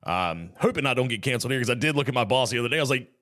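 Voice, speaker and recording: A man's voice: mid-range voice, animated, rapid-fire, a bit bright. A man hosting a casual solo podcast, chatty and rambling with joking asides. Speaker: podcast host.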